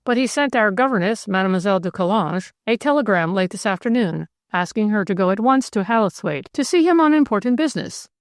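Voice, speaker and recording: A woman's voice: medium pitch, animated, fairly quick, hardly any pauses, dry recording, studio quality, close to an everyday voice. A woman voicing a genteel older male country vicar who speaks earnestly and exclaims easily. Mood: fussy.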